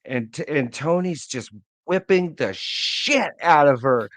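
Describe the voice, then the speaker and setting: A man guesting on a podcast, telling an excited, profane story in casual chat. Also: a little high, slow, dry recording. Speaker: guest wrestling fan.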